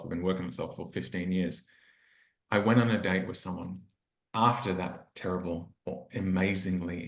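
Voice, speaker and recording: A man who is a relationship coach, telling a personal story in an earnest, reflective way and acting out his inner dialogue. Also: low voice. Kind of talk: storytelling in a podcast interview. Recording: roomy echo.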